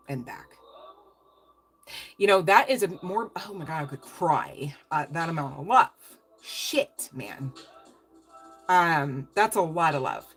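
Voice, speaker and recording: A woman's voice: medium pitch, slightly rough. A woman doing a casual tarot reading to camera, rambling, chatty and emotional, with some casual swearing. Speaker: tarot reader.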